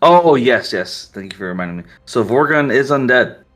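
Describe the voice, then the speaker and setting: A man runs a tabletop game as its game master, with a bright, forceful tone. His narration is casual and full of fillers. His voice sits at a middling pitch. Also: expressive, normal speed.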